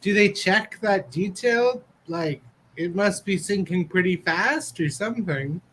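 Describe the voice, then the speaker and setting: A man's voice: high-pitched, animated, measured pace, fairly bright tone, husky. A man playing a tabletop game and making wry, joking quips. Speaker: player. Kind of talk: casual tabletop play.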